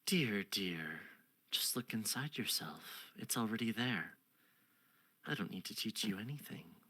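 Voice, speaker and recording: A man voicing an ancient, sly fae queen in a hushed, teasing, unhurried whisper. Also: on the low side, animated, husky, heavily acted.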